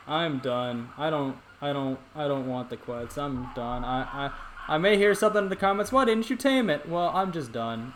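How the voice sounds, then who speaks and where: This gaming-channel host is a young man whose voice sits on the high side and sounds a bit bright. He rambles casually to his viewers as he plays, often restarting his sentences, over slight background noise.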